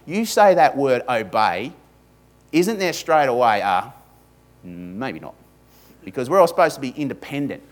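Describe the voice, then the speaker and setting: An Australian pastor delivers a sermon in church. His voice sits at an everyday middle pitch. He speaks with emphasis, stacks up repeated lists, and drops in humorous asides.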